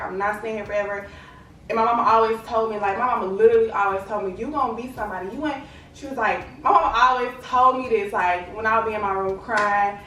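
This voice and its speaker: Young woman vlogger, casual and chatty, slightly high voice, echoey room with faint background hum. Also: bright, forceful tone. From Lubbock, Texas. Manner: chatty, fills with "like" and "you know what I'm saying". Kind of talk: casual talk to camera. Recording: echoey room, distant mic, faint ambience.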